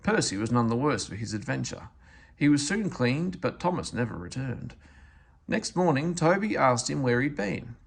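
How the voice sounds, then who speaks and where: Gravelly, expressive male storybook reader. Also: medium pitch, normal speed, a little hiss or hum. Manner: expressive, animated narration. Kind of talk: children's story read-aloud.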